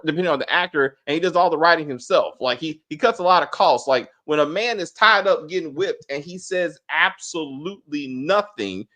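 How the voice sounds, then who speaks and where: Male host for a casual show recap; animated, crude, mimics characters. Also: a little high. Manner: animated, swearing, acts out characters' lines. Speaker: podcast host. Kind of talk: casual TV review chat.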